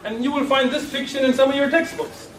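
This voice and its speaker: A man's voice: very high voice, steady tone, fast talker, a bit bright, a little hiss or hum. A man giving a lecture to an audience in a lecture room, asking rhetorical questions and teasing his listeners. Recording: echoey room from far off.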